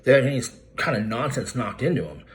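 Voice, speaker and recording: In an angry direct-to-camera vlog, this YouTuber goes after a credit repair business, naming the target and speaking to them directly. His medium-pitched voice is sing-song and very fast, the tone profane, confrontational and mocking, with slight background noise.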